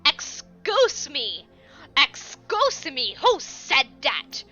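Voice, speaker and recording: A streamer doing a loud, blustering janitor who demands who is there, slow outraged shouts, raised high voice, somewhat muffled stream audio with faint music behind. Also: female voice, wildly swooping pitch, exaggerated voice. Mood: indignant. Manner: loud indignant yelling.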